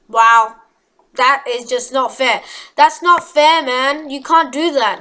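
A woman giving chatty, rambling gameplay commentary with excitable outbursts, recorded at home with mouse clicks heard. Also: sits high, slow, pauses often, slight background noise, rough recording. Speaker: gaming YouTuber.

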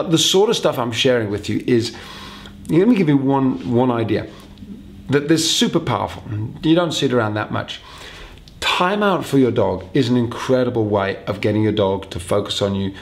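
Gravelly-voiced, upbeat male dog trainer. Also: medium pitch. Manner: chatty, upbeat, repeats key phrases. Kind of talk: direct-to-camera advice video.

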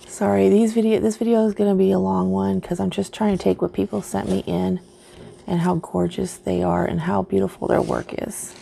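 A woman's voice: mid-range voice, flat delivery, moderate pace, gravelly, warm tone, slight background noise. A woman vlogger unboxing craft mail in casual chat, gushing and easily delighted.

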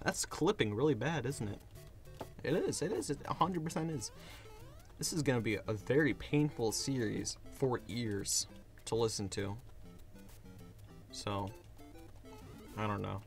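A hoarse young man giving casual commentary while playing a game, getting frustrated and yelling at it. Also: medium pitch. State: hoarse, voice worn out. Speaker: gaming video creator.

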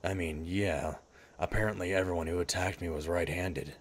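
A man playing a gruff, wry male lizard-folk adventurer while he talks over a video game, with dry sarcastic asides. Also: low-pitched, steady tone, normal speed. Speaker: streamer. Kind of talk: in-character game commentary.

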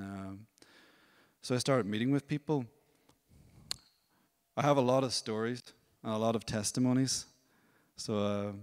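Man, low voice, church testimony, animated storytelling, long hall reverb. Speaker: worship leader.

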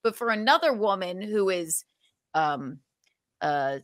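A woman from the South, co-hosting a podcast in quick, joking casual chat. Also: mid-range voice, animated, dry recording, clean studio sound. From American South. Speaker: podcast co-host.

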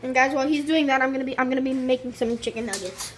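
Bossy, high-voiced young woman filming. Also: fairly even intonation, very fast, a little hiss or hum. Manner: bossy, teasing, laughing. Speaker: co-host filming. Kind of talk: casual home video. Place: home kitchen.

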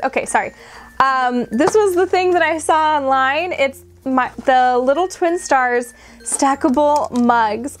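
Gushing high-voiced woman unboxing. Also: unhurried, slight background noise. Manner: gushing, excitable, frequent gasps and squeals. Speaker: unboxing vlogger. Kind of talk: casual unboxing chat.

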